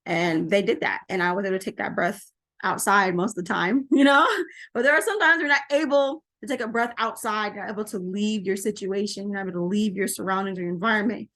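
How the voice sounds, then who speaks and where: Middle-aged woman, parenting coach talking to camera; animated, laughs easily, repeats key phrases. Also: medium pitch, brisk. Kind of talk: casual talk to camera.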